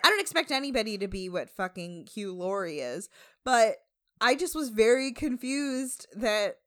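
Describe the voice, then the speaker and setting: With a fairly high pitch and a normal pace, this American woman chats her way through a show recap as a podcast co-host. She's animated and uses lots of fillers.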